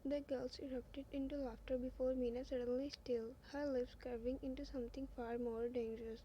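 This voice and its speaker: A woman narrating a fan fiction story in a steady, measured reading. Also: high voice, lo-fi sound, slight background noise.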